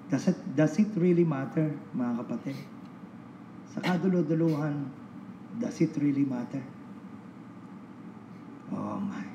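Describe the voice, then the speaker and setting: A man's voice: on the high side, normal speed, echoey room, muffled recording, background noise. A man preaching a sermon with a Filipino accent, switching between Tagalog and English and building to emphatic repeated cries. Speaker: pastor. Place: church.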